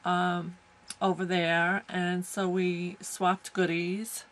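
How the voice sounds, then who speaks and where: A woman's voice: lowish voice, little pitch movement, slow pace, poor audio. A woman from the United States opening a package on camera, gushing with lots of exclamations. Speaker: crafting vlogger. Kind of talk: casual unboxing chat.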